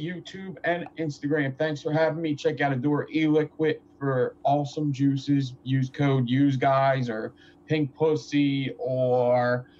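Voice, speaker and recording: A man guesting on a vaping livestream, chatting casually and listing shout-outs. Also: a little high, lo-fi sound, slight background noise. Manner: laughs often, lists shout-outs. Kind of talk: casual banter and sign-off plugs.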